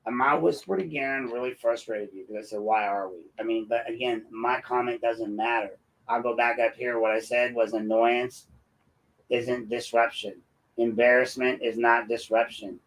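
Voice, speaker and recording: A man's voice: mid-range voice, fairly even intonation, moderate pace, poor audio. Combative, sarcastic male commentator. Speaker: host and local activist. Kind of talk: ranting commentary.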